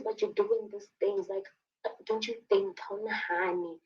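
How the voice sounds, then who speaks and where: A young woman from Lesotho telling her own story in a casual, animated way, acting out the quotes and saying "like" and "sharp" often. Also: medium pitch, a little slow, recorded from a distance, lo-fi sound, over music.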